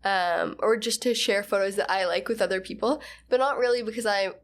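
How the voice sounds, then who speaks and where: A woman in casual podcast conversation, speaking in an easygoing, reflective way. Her talk is loose and relaxed, full of little "like"s as she thinks things through. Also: mid-range voice, brisk. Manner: easygoing, reflective, says "like" often. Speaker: podcast co-host. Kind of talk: casual chat.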